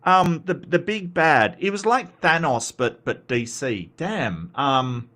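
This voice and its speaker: An Australian man riffs through casual reaction commentary in a fairly high, very animated voice. He is blunt and sweary, restarts sentences often and answers his chat as he goes. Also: slow. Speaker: commentary host.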